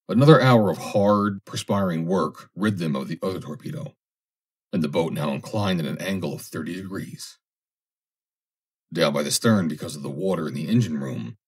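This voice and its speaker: A man narrating a classic adventure story as an audiobook reader, with steady, measured storytelling. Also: deep voice, breathy edge.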